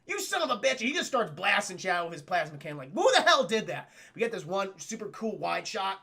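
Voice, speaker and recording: Brief: male streamer, high voice, animated and profane, talking to chat. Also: a little fast, breathy edge. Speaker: streamer and film reviewer. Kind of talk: casual livestream film recap.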